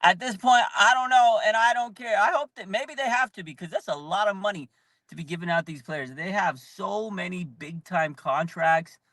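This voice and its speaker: Hyped man with a high, bright voice. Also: normal speed, dry recording. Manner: hyped, animated, shouting bursts, frequent "like". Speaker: fan channel host. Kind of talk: excited live fan commentary.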